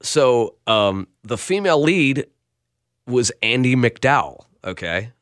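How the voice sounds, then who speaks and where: Man, podcast host, lively pitch, dry close sound, jokey film chat. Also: takes it slowly, no echo. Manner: animated, jokey, trails off and restarts. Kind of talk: casual chat about a film.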